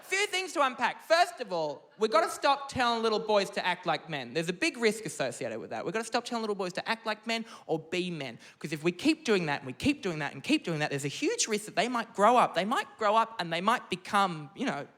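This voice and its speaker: A man in his thirties with an Australian accent performing a stand-up comedy set on a theatre stage, animated and camp. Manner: animated, camp, swoops into high put-on voices. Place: theatre stage before a live audience.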